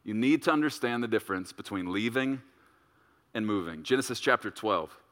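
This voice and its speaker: Bright animated man preaching a sermon. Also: fairly quick, in a large hall. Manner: storytelling, acts out voices with big swings in pitch and volume. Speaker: pastor.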